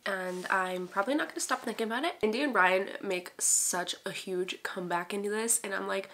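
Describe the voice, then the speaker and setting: A young woman talking to camera at home on a casual book vlog. Her voice is gushing and giggly, and she gets excitable as she chats. She speaks at a middle pitch. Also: normal speed, few pauses. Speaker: book vlogger.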